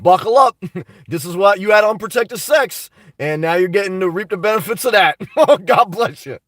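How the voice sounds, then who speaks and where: A man's voice: sits high, a bit bright, no room sound, distant mic. A man hosting a live stream, reading out chat messages and answering in a blunt, swearing, chatty way. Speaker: livestream host reading chat. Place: home in New Jersey.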